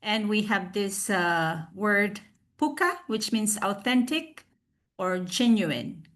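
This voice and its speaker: Slow, hesitant woman presenting a lesson. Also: mid-range voice, a bit bright. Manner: hesitant, with frequent fillers and restarts; slowly sounds out example pronunciations. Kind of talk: recorded slide presentation. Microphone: video call.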